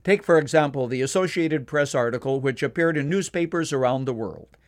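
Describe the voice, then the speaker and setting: A man delivering a scripted devotional radio commentary in a measured, earnest way, slowing down to stress key points. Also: medium pitch. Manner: measured, earnest, slows down for emphasis.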